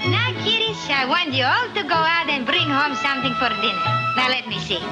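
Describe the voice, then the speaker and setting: A woman's voice: high voice, lively intonation, a little fast. A woman voicing a bossy Italian-accented mother buzzard in an old cartoon. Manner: bossy, scolding. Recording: old cartoon clip with music.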